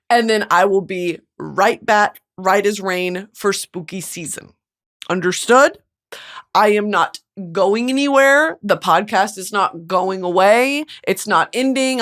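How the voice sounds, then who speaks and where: A woman's voice: mid-range voice, fairly bright tone. Burnt-out woman podcast host, near tears. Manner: earnest, emotional, swears, many "like" fillers. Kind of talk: candid solo podcast monologue.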